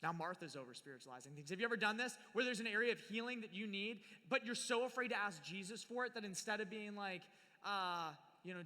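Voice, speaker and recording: A man's voice: sits high, quick pace, pushed and bright. A man giving a live sermon on scripture, playful and acting out the people in the story, recorded in a large hall. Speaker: youth speaker. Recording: live hall with long reverb.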